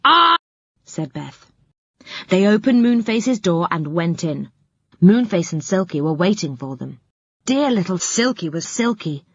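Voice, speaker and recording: A woman narrating a children's storybook aloud in a slow, expressive storytelling manner. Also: fairly low pitch, breathy edge, no echo. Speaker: audiobook narrator. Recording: dull lo-fi dry audiobook recording.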